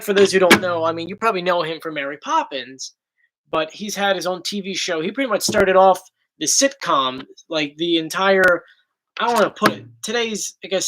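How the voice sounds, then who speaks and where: A man's voice: high voice, sharp tone, rough recording. A young man with a South Jersey accent, chatting casually as host of a livestream Q&A and reading viewer questions aloud. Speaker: YouTube host.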